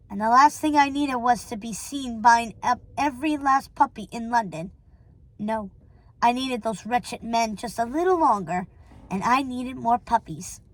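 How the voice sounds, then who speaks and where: High-voiced woman reading a novel aloud. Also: moderate pace, rough recording. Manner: steady, with small stumbles and self-corrections. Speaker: reader.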